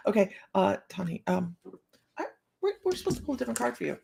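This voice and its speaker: A woman's voice: medium pitch, very animated, fast talker, creaky, a little mellow, slightly rough. A woman in her fifties, a psychic reader hosting a live stream, chatting casually with her viewers, laughing often and playfully talking straight to them. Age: 50s.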